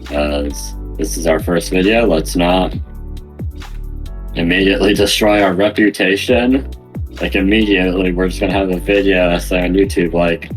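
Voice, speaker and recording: A man's voice: low-pitched, fairly even intonation, normal speed, faint music behind, poor audio. A man co-hosting a podcast, rambling in casual, self-mocking chat while talking to the listeners alone. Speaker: podcast co-host.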